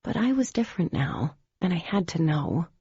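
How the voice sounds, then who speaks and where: A woman reads a first-person audiobook in a measured, intimate way. Her voice is dark, gravelly and very husky. The recording is dry and a little dull. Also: lowish voice, huge pitch swings, dry recording. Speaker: audiobook narrator.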